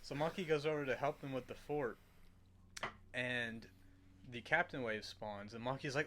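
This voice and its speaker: A man's voice: mid-range voice, moderate pace, pauses often. A man hosting a podcast, telling a gaming story in casual chat and often laughing through it. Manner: animated, laughing through his own story. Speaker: podcast host.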